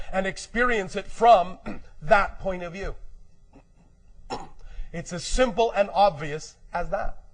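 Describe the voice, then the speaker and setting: A man doing a high, slow, emphatic channeled lecture as a collective "we". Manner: slow, emphatic, declarative, often clears throat; speaks as a collective "we" addressing humans. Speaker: spiritual speaker.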